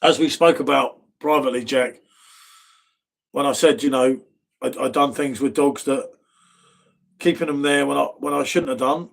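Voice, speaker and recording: Reading viewer comments on his casual live stream, a middle-aged man from near London chats in a laid-back way, dropping "mate" often. He speaks at a moderate pace with medium pitch, vocal fry, fairly even intonation and long pauses. His accent is southern English.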